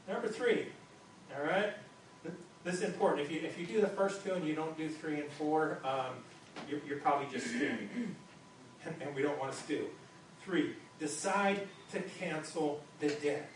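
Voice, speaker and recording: A man's voice: a little high, normal speed. A male pastor preaching a sermon in a conversational way, often stumbling and repeating words as he restarts sentences. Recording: very echoey hall, distant mic, faint noise.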